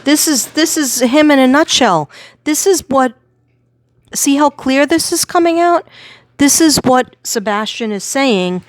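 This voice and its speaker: A woman doing a psychic tarot reading, reading out card words in lists and retelling messages with animated energy. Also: sits high, unhurried, dry recording.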